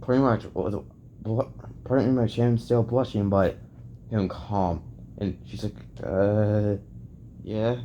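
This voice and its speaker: A man improvising a fan-fiction story out loud, rambling and restarting often with lots of filler phrases. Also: on the low side, a little slow, muffled recording, slight background noise.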